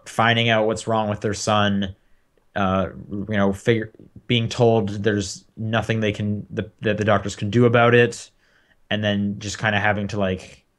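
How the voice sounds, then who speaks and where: A young man co-hosting a podcast, chatting casually about video games with lots of fillers and restarts. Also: on the low side. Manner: rambling, many fillers and restarts. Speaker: podcast co-host. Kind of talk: casual game chat.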